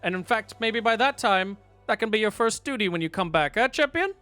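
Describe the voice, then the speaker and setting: A man's voice: high-pitched, lively intonation, fairly quick, sharp tone, no room sound, faint music behind, voice pushed up. A man voicing a pompous, pudgy male noble lord who speaks in a grandiose, condescending way.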